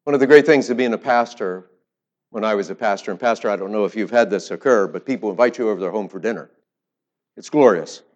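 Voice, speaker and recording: A man who was once a pastor, preaching a sermon and telling stories with swings in loudness. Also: medium pitch, highs cut off.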